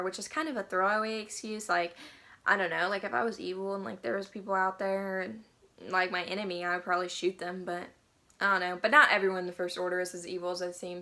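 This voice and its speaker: A young woman chats away to her viewers in a loose, filler-heavy vlog style. Her voice sounds bright and forceful, sitting in the middle of the female range. She rambles through her thoughts with an easy, unscripted feel. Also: mid-range voice. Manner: chatty, many fillers like "like" and "kinda". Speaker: vlogger reviewing a novel. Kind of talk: casual vlog talk.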